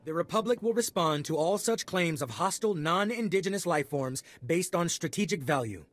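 An actor voicing a brisk, bureaucratic male official in a video game. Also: on the high side, expressive, a bit bright. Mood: breezy.

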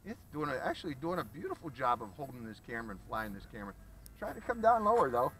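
A man's voice: mid-range voice, big pitch swings, fast, fairly bright tone, slight background noise, low-quality recording. A man hosting a hobby video, chatting casually to viewers about a model plane flight outdoors, calling them folks. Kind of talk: casual flight-test commentary. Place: outdoors at a flying field.

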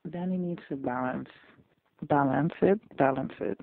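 A man's voice: a little high, normal speed, gravelly, no echo. A man hosting an audio reaction to a TV episode, talking through it live, exclaiming and repeating his phrases. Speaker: reaction video host. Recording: phone-like dry audio.

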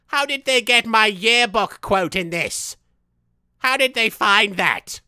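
A man's voice: sits high, lively intonation, takes it slowly, pushed and bright, smooth, no echo, studio quality, heavily acted. A man voicing a vain, unhinged young male villain, streaming a game in character with boastful, theatrical talk. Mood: smug. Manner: boastful, theatrical, wildly swinging delivery, laughs at himself. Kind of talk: in-character gameplay commentary.

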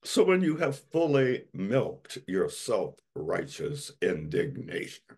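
A male pastor delivering a sermon, slow and emphatic, leaning on dramatic repetition. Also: low voice, sing-song, a little mellow, breathy edge.

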